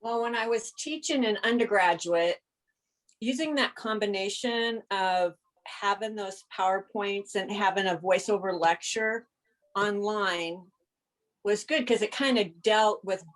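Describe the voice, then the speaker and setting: A woman's voice: medium pitch, measured pace, low-quality recording. A woman who teaches college speaks over a video call in a faculty workshop. She has a mid-range voice and talks informally, sharing her experience. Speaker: college instructor. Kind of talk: online faculty workshop discussion.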